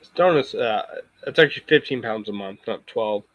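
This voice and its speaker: A man's voice: on the low side, lively intonation, normal speed, dry recording, highs cut off. A man chatting casually on a live stream, rambling and circling back with frequent restarts. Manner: rambling, full of fillers and restarts.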